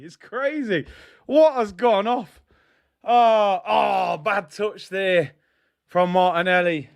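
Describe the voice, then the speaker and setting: A young man hosting a live football watch-along, excitable, joking with his chat and shouting when his team scores. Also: sits high. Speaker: football fan channel host.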